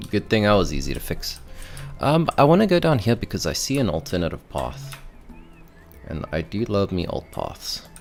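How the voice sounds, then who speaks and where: A low-pitched, gravelly man rambles playfully while he streams a game and teases his chat. His pitch swings a lot as he talks, and faint music plays behind him. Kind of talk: casual gaming commentary.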